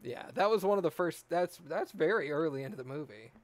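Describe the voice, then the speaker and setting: A man chatting in a laid-back way with a friend while doing a jigsaw puzzle, quick to laugh. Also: fairly high pitch, lively intonation, no echo. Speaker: co-host.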